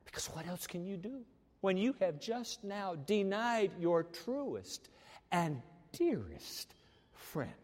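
Male preacher, sermon, high voice, dramatic loud-to-soft swings, long hall reverb. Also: lively intonation, takes it slowly.

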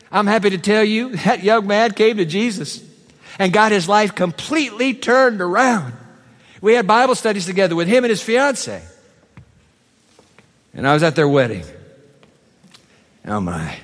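A male pastor preaching a sermon in a church, swinging between loud proclamation and hushed, quick asides. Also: high voice. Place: church sanctuary. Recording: long hall reverb.

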